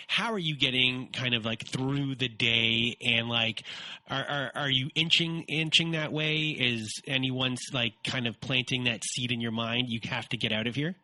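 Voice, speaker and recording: A man's voice: medium pitch, pushed and bright, no echo, rough recording. A man hosting a podcast interview, asking long, searching, empathetic questions. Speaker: podcast host.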